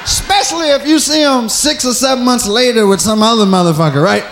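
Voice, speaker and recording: A man's voice: extremely high pitch, brisk, hardly any pauses, fairly bright tone, slight background noise. A man doing a stand-up comedy routine, telling stories in a loose, profane way and slipping into voices of himself. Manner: slips into mimicked voices of himself.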